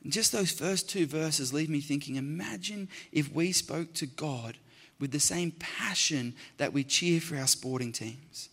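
A man delivers a sermon in a somewhat high voice. He talks his listeners through a scripture passage. He builds to passionate emphasis and repeats key phrases for weight. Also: a little slow, a bit bright, slightly rough, long reverb tail. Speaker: preacher.

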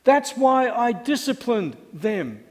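A middle-aged pastor with an extremely high, very animated voice speaks slowly in a church hall with long, echoing reverb. His sermon is conversational and wry, and he poses questions to the congregation.

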